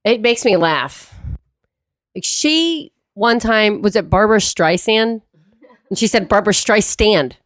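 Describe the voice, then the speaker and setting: A woman in easy, casual conversation, pitched right in the middle of the range. She laughs a lot while telling lively family stories, recorded dry and close on a studio mic. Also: measured pace, dry recording. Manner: laughs often, tells animated family stories. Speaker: podcast co-host. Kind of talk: casual chat.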